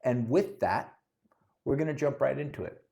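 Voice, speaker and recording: A Miami man co-hosts a casual podcast and also works as a realtor, talking in a chatty, opinionated way and often interrupting himself to restart sentences. His mid-range voice is creaky and mellow, with lively intonation at a moderate pace.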